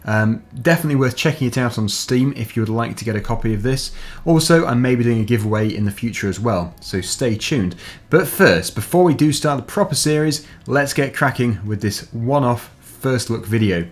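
A man's voice: mid-range voice, lively intonation, moderate pace, few pauses. A man giving casual commentary over gameplay as host, explaining the controls step by step in a chatty way. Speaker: gaming video host.

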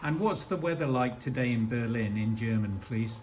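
A man with an ordinary mid-pitched voice puts friendly, direct requests to a robot. His talk is relaxed and conversational. A faint hiss sits under the recording. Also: moderate pace, muffled recording. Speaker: interviewer testing a robot. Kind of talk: casual questioning.

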